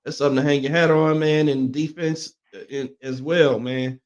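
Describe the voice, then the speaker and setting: A man's voice: fairly high pitch, steady tone, moderate pace, lo-fi sound. A man co-hosting a morning sports talk show, laid-back and agreeable, breaking down the game in easy conversation.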